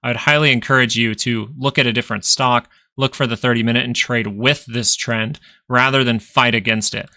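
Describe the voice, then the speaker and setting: A man's voice: medium pitch, fairly even intonation, fairly quick, few pauses, pushed and bright, no room sound. A man hosting a live stock market stream, chatting casually as he walks through charts, thinking aloud and repeating phrases for emphasis. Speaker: stock market livestream host.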